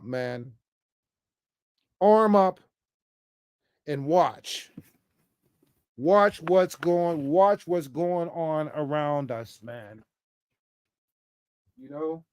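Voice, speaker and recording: A man's voice: on the high side, lively intonation, slow, long pauses, clean tone, dry recording. A man giving an off-the-cuff political rant to camera, emphatic and repetitive, stammering often and ending phrases with "man". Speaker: political commentator vlogger.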